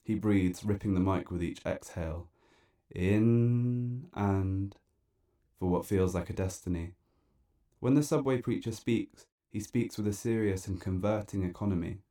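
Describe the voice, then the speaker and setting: A man narrating a dark, absurd spoken-word story in a deadpan, wry and theatrical way. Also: on the low side, a little slow.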